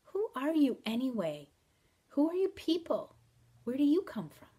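A woman reading aloud as a stubborn, indignant peasant girl, speaking emphatically and louder than her narration. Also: high voice, sing-song, measured pace, pitched above the performer's own voice. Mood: defiant. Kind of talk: audiobook reading.

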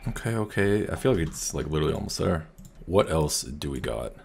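Very deep, gravelly-voiced young man. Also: animated, brisk. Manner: joking, cocky, profane banter. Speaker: music producer. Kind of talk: casual screen-recorded production vlog. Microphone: desk mic near loud keyboard. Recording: loud music playing over the voice.

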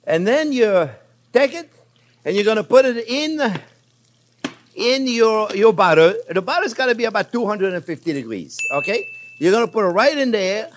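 A man's voice: normal speed, slight background noise. An older man hosting a cooking show, chatting to viewers as friends while he cooks, easygoing and reassuring. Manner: lively pitch swings, laughs at his own slips. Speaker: cooking show host and chef. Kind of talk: casual cooking demonstration.

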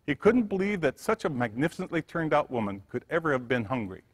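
A male pastor reading a story aloud in a sermon with expressive storytelling. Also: on the high side, quick pace. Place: church sanctuary. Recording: church hall reverb.

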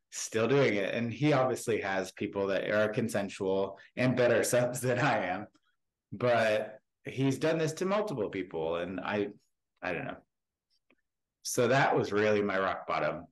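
A man in his thirties, a podcast guest, frankly telling a personal story in a halting way with many restarts. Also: lowish voice, rough recording. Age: 30s.

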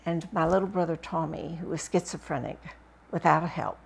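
Lady reading a memoir out loud, kinda low and gravelly, really acts it out. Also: moderate pace. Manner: expressive, dramatic storytelling delivery. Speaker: book reviewer reading aloud. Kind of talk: first-person memoir reading.

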